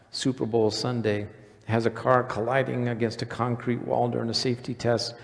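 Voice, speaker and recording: Gravelly-voiced male pastor preaching. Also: mid-range voice. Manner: conversational preaching, quizzes the congregation. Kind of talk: sermon. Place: church sanctuary. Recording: reverberant church hall.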